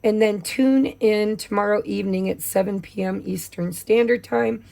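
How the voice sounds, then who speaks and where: A woman with a gravelly voice, losing her voice from allergies, doing a chatty, casual tarot reading. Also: mid-range voice, moderate pace, warm tone. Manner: chatty, with many fillers. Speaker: tarot reader.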